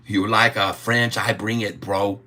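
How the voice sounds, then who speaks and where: A man's voice: medium pitch, extremely slow, a bit bright, pitched above the performer's own voice. A man putting on an exaggerated broken-English caricature voice, sing-song and giggling. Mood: cheeky. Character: cartoonish broken-English foreign man, cheeky boaster.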